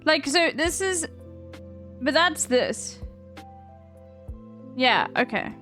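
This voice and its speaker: A woman's voice: high voice, animated, extremely slow, pushed and bright, faint music behind. A woman streamer chatting casually on a live stream, blunt and slangy, with frequent swearing.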